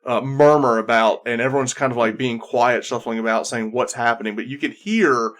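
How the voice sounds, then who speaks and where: A man's voice: medium pitch, moderate pace, a bit bright. Man narrating a tabletop game. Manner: descriptive second-person narration, many restarts. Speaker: game master.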